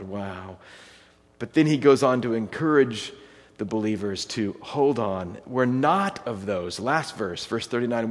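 Male pastor, mid-pitch, relaxed sermon delivery, long church reverb. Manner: conversational, reads scripture slowly and deliberately.

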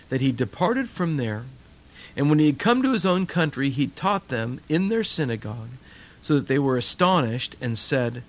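A man's voice: medium pitch, very animated, moderate pace. An older man preaching a sermon, telling stories animatedly and acting out voices. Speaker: pastor.

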